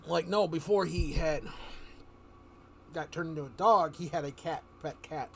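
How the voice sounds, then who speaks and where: A man's voice: on the high side, unhurried, vocal fry, a little hiss or hum. A man streaming live, telling a rambling story in casual chat, often chuckling and restarting his sentences.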